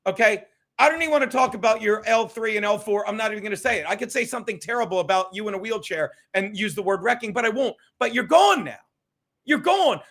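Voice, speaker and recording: A man's voice: sits high, animated, quick pace, fairly bright tone. A man hosting a podcast, ranting in a profane, mocking, gloating way. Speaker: podcast host. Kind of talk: ranting commentary.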